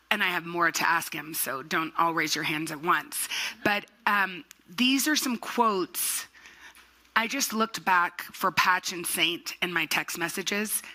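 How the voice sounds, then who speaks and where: Woman host, very bright timbre, lively playful stage chatter. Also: lowish voice, poor audio. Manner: chatty, animated, laughing often, playful asides to the audience. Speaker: host and book club moderator. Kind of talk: onstage conversation. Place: festival stage.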